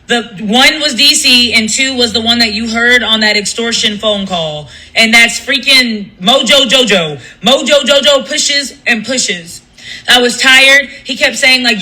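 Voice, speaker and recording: On a casual livestream with poor audio, a woman who works as a radio host and live streamer tells a story. Her voice is fairly high and sharp-toned, and she speaks emphatically and profanely, restarting sentences often.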